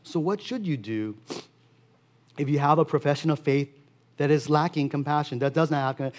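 A man preaching a sermon as pastor, earnest and steady, repeating key phrases for emphasis. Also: mid-range voice, a little fast.

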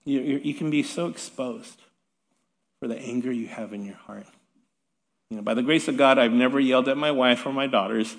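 A man's voice: medium pitch, moderate pace, pauses often. Middle-aged guy pastor preaching, chatty and self-mocking, mid voice, long reverb from the hall. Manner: conversational, self-deprecating humor with light laughs. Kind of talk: sermon.

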